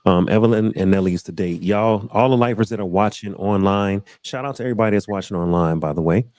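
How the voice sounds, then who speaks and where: Casting: low-voiced man hosting a relaxed panel talk, repeats himself, dry close mic. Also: fast, no room sound. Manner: loose, repeats phrases, says y'all. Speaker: host. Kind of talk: casual panel chat.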